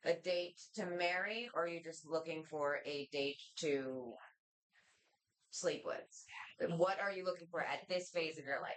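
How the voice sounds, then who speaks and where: A woman co-hosting a live podcast taped in a bar, with a slightly low voice. She asks her guest probing, direct questions. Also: measured pace. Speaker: co-host.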